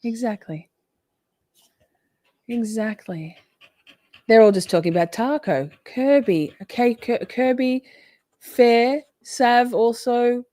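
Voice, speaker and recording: A woman's voice: on the high side, slow, pauses often, mellow, dry recording, studio quality. An Australian woman hosting a livestream, chatting casually and reading viewer comments aloud with frequent laughs. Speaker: livestream host.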